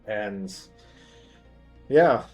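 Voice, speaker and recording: A man voicing a wary leader who confides his suspicions slowly in a low voice. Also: expressive, husky, dull audio, faint music behind, heavily acted. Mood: uneasy.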